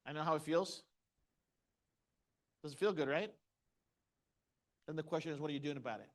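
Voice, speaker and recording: A man's voice: fairly high pitch, normal speed. Punchy motivational speaker, a man. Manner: punchy, asks the audience questions. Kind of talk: motivational seminar talk.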